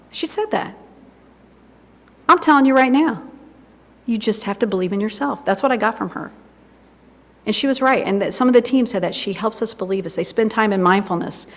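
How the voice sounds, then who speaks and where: A woman minister giving an informal, chatty sermon full of asides to herself. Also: medium pitch. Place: church sanctuary. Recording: long reverb of a church hall.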